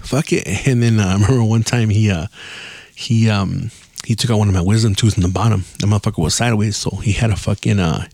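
Gravelly-voiced man ranting casually. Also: fairly low pitch, fairly even intonation, fast talker, a little mellow, no echo. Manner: profane, rambling, laughs often. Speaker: podcast host. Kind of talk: casual storytelling rant.

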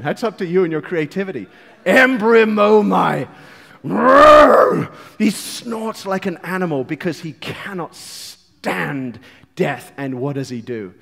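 English preacher guy, high voice, goes from quiet to loud, jokes with the crowd, long echoey church hall sound. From England. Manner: passionate, swinging from hushed to loud outbursts; playful asides to the congregation. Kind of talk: sermon.

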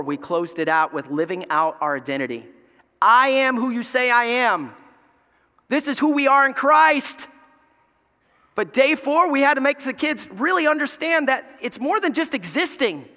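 A male pastor preaching a sermon, telling stories with animated, self-mocking humor. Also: high-pitched. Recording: reverberant hall.

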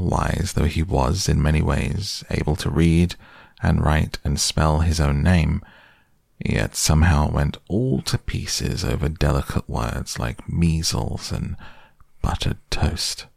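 A man reading a children's storybook aloud, slow and measured. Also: extremely low pitch, vocal fry, a little mellow, no room sound, clean studio sound.

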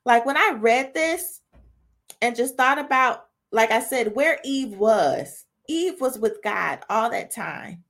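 Woman, podcast host, casual devotional teaching, earnest, conversational, slightly high voice. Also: animated, slow pace, fairly bright tone. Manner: conversational, with frequent "right?" and "you know?" tags; earnest, speaks to women listeners.

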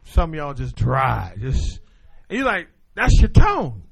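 Male pastor, animated call-and-response sermon, voice pitched high and swinging widely. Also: unhurried, gravelly, crowd noise.

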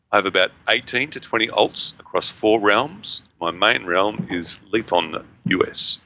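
A man's voice: low voice, bright, forceful tone, slight background noise. A man co-hosting a gaming podcast, reading a listener email aloud in an easygoing way with joking asides. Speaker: podcast co-host.

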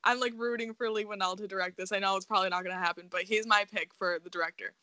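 A woman chatting as a guest on a podcast, giggling often and talking quickly with plenty of fillers. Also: medium pitch, fairly even intonation, sharp tone, no echo. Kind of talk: casual chat.

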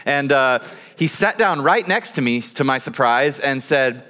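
A man preaching, a pastor who prays and then tells a story in a reserved, low-key, dryly humorous way. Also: a little slow, bright, forceful tone, long reverb tail. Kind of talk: sermon with prayer and storytelling.

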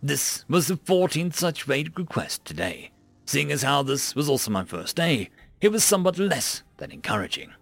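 A man's voice: on the high side, big pitch swings, normal speed, gravelly, no room sound. A man narrating a first-person story with dry, mock-dramatic glee.

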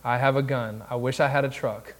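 A man's voice: mid-range voice, fairly even intonation, fairly quick. A man with a Southern accent preaching a sermon as a candidate for pastor, building his points into emphatic lists.

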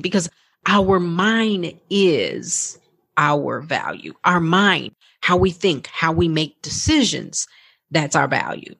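Breathy, lively-voiced woman podcast host. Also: lowish voice. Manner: chatty and encouraging, with lots of "like" and "right?". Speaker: podcast host and life coach. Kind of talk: casual podcast talk.

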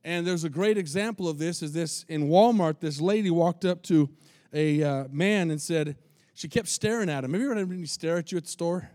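A man's voice: on the high side, brisk, darkish tone, dry recording, studio quality. A man, a lead pastor, preaching a folksy sermon and calling for responses from his congregation in a tin-roofed church.

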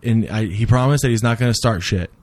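A man telling a rambling story in casual chat, animated and full of swearing, acting out what people said. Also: fairly low pitch, fast. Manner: animated, swears a lot, acts out quotes.

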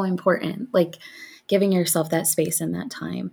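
A woman's voice: fairly low pitch, flat delivery, moderate pace, vocal fry, a little mellow, breathy edge. A woman co-hosting a podcast in casual chat, talking loosely with many fillers and frequent laughter. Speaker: podcast co-host.

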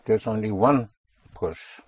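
A man's voice: on the low side, slow pace, slightly rough, no room sound. A man teaching a language class, patiently drilling words and correcting pronunciation.

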